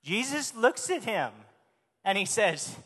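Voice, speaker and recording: A man's voice: high voice, sing-song, slow pace, fairly bright tone, slightly rough. A man preaching a sermon in a church, speaking emphatically and asking the congregation questions. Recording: long hall reverb.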